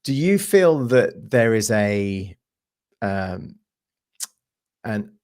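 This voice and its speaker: Low-voiced male host, halting and thoughtful. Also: very animated, a little mellow. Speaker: interview host. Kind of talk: interview questions.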